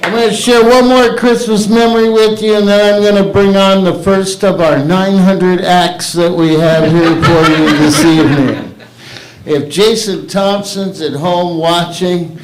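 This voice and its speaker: A man's voice: sits high, steady tone, unhurried, very noisy. A man hosting an open mic stand-up night, crude, rambling and self-mocking on a stage microphone. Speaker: comedy open mic host. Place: comedy stage in a theater. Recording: echoey live room.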